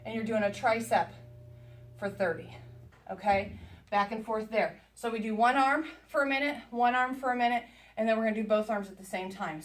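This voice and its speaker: Higher-pitched woman coaching a workout. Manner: chatty, encouraging, counts down reps. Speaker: fitness instructor. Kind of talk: workout coaching while exercising. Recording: echoey room, voice from a distance.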